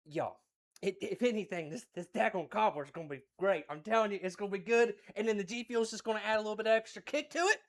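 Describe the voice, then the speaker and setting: An excited man from West Virginia with an Appalachian accent, chatting folksily on a cooking livestream. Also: sits high, fast talker. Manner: folksy and exuberant, repeats phrases.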